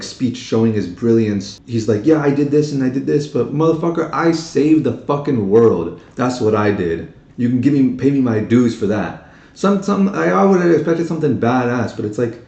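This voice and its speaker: A man gives a loose, swearing movie rant that keeps winding back on itself and swells into loud excitement. His voice is mellow and dark. The audio is muffled and lo-fi, and it echoes around a roomy space. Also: mid-range voice. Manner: rambling, profane, gets excited and loud. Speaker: movie reviewer. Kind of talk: casual rambling monologue.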